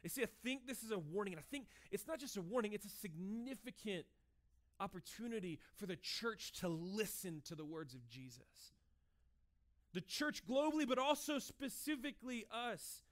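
A man in his thirties preaching a sermon in a conversational, animated way, acting out short dialogues as he goes. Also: sits high. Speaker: pastor.

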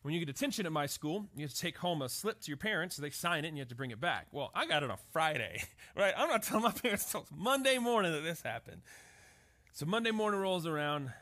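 A male pastor delivers his sermon as a string of stories, pausing often to ask "right?" His voice sits a little high and rings bright and forceful. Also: very animated. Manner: storytelling, often asks "right?".

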